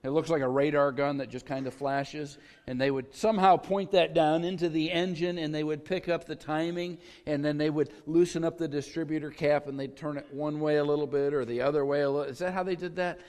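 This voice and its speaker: A middle-aged pastor preaches in a casual, folksy way, drifting into stories and light jokes from the pulpit. His voice sits somewhat high for a man. The sound carries a long church reverb. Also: fairly even intonation, fairly quick, hardly any pauses, a little mellow. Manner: conversational, folksy storytelling with humor. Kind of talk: sermon. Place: church sanctuary.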